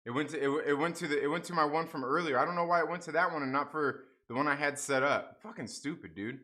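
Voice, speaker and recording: Bright-voiced young man hosting a livestream. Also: on the high side, fast talker. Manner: frustrated, swearing, laughing off a stream mix-up. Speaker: livestream host. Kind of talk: casual livestream chat with viewers.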